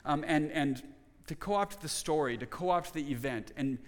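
Middle-aged guy preaching a sermon, earnest, stumbles and repeats words, bit of a higher voice, echoey church hall. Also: unhurried. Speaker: pastor. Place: church sanctuary. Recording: long reverb of a church hall.

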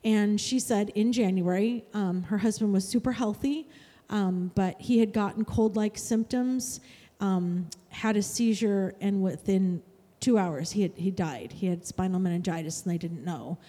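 Rich A woman with a mellow, warm voice tells a faith testimony in an earnest, chatty way. Her words ring out with a long reverb, as if she were recorded in a large hall. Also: mid-range voice, measured pace. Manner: earnest, chatty, with restarts and soft laughs. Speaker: guest sharing a testimony. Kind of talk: casual testimony storytelling.

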